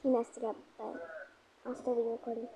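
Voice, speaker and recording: A woman's voice: on the high side, flat delivery, a little fast, vocal fry, a crowd in the background, rough recording. A young girl narrating a doll role-play story, with whiny, dramatic complaining.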